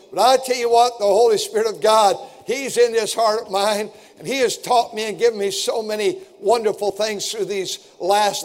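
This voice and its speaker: A man preaching a fervent sermon and reading scripture aloud to his congregation. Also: sits high. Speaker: pastor.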